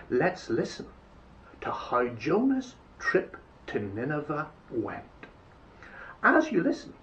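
A man telling a story to children in an animated, playful, exaggerated way, on a dull lo-fi recording. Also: high voice, husky.

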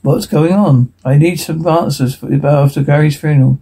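A man reading a television episode transcript aloud, dialogue and sound cues alike, in one steady voice. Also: a little high, a little fast, husky, rough recording.

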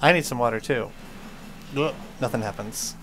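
A woman's voice: very deep voice, normal speed, music in the background. A woman co-hosting a casual gameplay chat, silly and full of sound effects. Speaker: gaming channel co-host.

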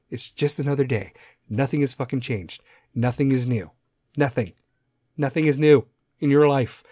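This middle-aged man runs a podcast by himself and goes on loose, swear-filled rants full of tangents. He speaks at a medium pitch with a mellow quality, recorded in a studio with no echo.

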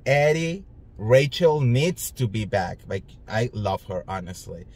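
A man's voice: mid-range voice, measured pace. Sassy man ranting about reality TV. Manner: sassy, animated, talks straight to viewers. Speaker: reality TV commentary vlogger. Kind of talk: casual ranting commentary.

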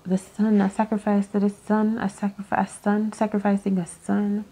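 A woman's voice: mid-range voice, monotone, moderate pace, warm tone, slightly rough. A woman doing an unscripted tarot reading to camera, musing aloud, rambling and swearing as she goes. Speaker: tarot reader.

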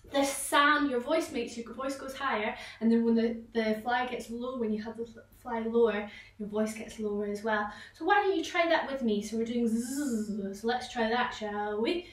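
A woman tutor leading children through an online vocal warm-up, encouraging them and breaking into loud sound-game exclamations. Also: a little high, normal speed, distant mic. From Scotland. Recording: echoey room, voice a little off-mic.

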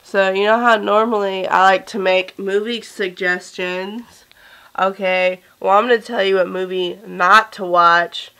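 A young woman from the South with a Southern US accent, chatting to camera in a casual daily vlog and telling stories in an animated way. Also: mid-range voice, measured pace, smooth, low-quality recording. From Southern United States. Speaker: vlogger.

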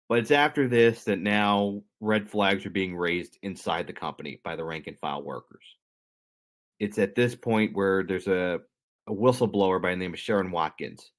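A man co-hosting a podcast, casually telling a history story with jokes and asides to his co-host. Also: sits low. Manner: conversational, jokey, explains history to co-host.

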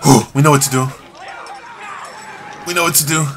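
A man doing let's play commentary on a horror game, swearing constantly in slang and yelling when he panics. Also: on the high side, steady tone, moderate pace, creaky. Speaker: gamer playing a horror game.

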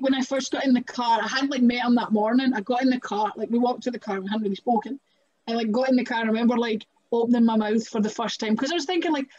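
A woman with a Scottish accent telling stories as a wrestler guest on a podcast, chatty and animated, often laughing and saying "like" and "right?". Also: a little high. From Scotland. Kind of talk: casual storytelling interview. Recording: muffled lo-fi audio.

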